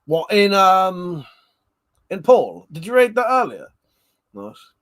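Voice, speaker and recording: A man's voice: high voice, wildly swooping pitch, takes it slowly, fairly bright tone. A man hosting a casual livestream chat. He swears a lot and laughs often. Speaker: livestream host.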